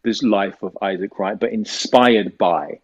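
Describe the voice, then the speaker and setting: A British actor from the United Kingdom, giving an interview and telling stories in a rambling way, with many fillers. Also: male voice, lowish voice, unhurried, breathy edge, lo-fi sound. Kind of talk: casual interview talk.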